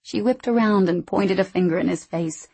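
A woman narrating an audiobook in a measured, wry way. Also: lowish voice, a little mellow, husky.

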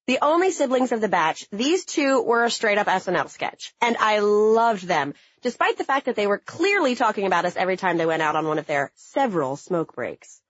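A young adult woman telling a funny personal story in a sarcastic, blunt and animated way. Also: mid-range voice, fairly quick, hardly any pauses, slightly rough, dry recording, lo-fi sound. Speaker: narrator.

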